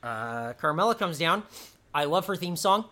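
A man's voice: on the high side, animated, normal speed, pushed and bright. A man co-hosting a podcast, chatting casually and enthusiastically through a wrestling recap, rambling and laughing often. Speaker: podcast co-host.

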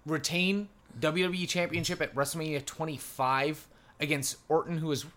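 A man's voice: on the high side, normal speed, sharp tone. A man co-hosting a casual podcast, giving blunt, sarcastic opinions on wrestling, often repeating himself and swearing. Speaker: podcast co-host.

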